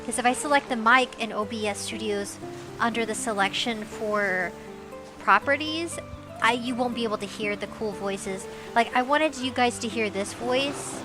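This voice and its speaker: A woman livestreaming from home on a desk mic, chatting casually with viewers in a bubbly, giggly way, with a high, squeaky voice. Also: normal speed. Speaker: VTuber livestreamer. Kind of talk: casual stream chat. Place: home streaming setup. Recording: music playing behind.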